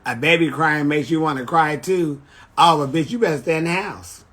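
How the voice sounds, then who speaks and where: A man's voice: a little high, normal speed, fairly bright tone. A man chatting casually on a phone livestream, telling brash, profane stories. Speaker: drag performer on a livestream.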